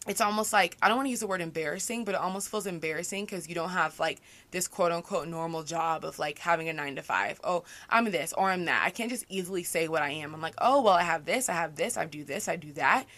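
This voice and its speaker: A woman's voice: fairly low pitch, a bit bright. A young woman hosting a casual solo podcast, talking chattily and reflectively with lots of "like" and "you know". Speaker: podcast host.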